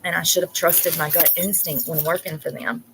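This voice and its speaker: A woman's voice: lowish voice, steady tone, moderate pace, noisy background. A woman chatting casually from her car, loose and talkative, with frequent laughter. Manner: laughs constantly while retelling a funny video. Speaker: vlogger. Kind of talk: casual chat.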